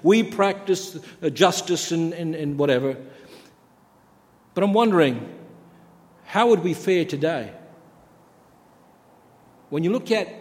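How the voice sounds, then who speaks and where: A man with a high-pitched voice preaches a sermon, stacking repeated phrases as his intensity climbs. The sound carries a long hall reverb, as in a church sanctuary. His delivery is earnest and insistent.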